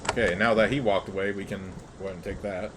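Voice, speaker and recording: A man's voice: sits low, fast talker, very noisy. A man giving casual, offhand commentary while he plays a fantasy role-playing game. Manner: relaxed, offhand asides. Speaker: game video creator.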